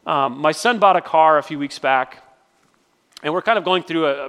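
A middle-aged man gives a sermon from a church sanctuary, where a long reverb fills the large hall. His voice sits a little high with a fairly bright tone, and he tells stories casually, frequently starting over.

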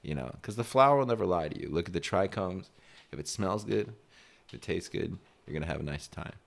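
A young man co-hosts a podcast, chatting casually in a laid-back, slangy way and laughing often. His voice sits low and sounds animated, brisk, and gravelly.

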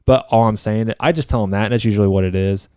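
Man, rapid-fire, swearing, mellow dark tone, dry sound, casual podcast chat. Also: fairly low pitch, clean tone, dry recording. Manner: fast, heated storytelling with frequent swearing. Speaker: real estate agent.

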